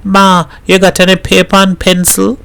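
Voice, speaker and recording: A man voicing an excited, bright little boy who speaks in Caribbean dialect. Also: high voice, normal speed, creaky, clean tone, voice pushed up, heavily acted. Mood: eager.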